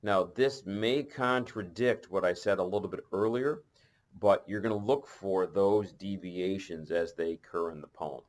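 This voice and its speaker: Man, very low voice, teacher, recorded lecture, conversational, self-correcting.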